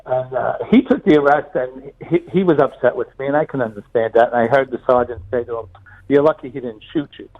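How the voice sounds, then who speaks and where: A man's voice: mid-range voice, fast, phone-quality sound. An older retired police officer from New City, phoning in to tell stories in a chatty way, repeating words as he goes. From New York City. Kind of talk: phone-in storytelling.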